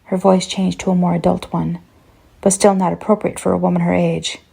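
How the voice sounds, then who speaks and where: A woman narrating a first-person horror story in a tense, measured way. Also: lowish voice, level tone, creaky, dark tone, husky.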